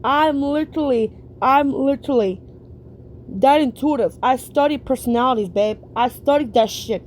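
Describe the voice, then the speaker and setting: Woman reacting on stream, high voice, mellow tone, blunt profane ranting, slow emphatic phrasing. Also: slight background noise. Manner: blunt, emphatic, drawn-out preaching.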